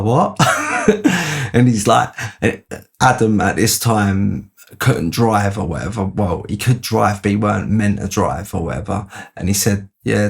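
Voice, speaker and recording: A man spins a loose, rambling story in a low voice. His tone is gravelly, and he leaps up in pitch when he acts out what his friends said. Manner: rambling anecdotal, animated quoted voices. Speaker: podcast host. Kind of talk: casual storytelling.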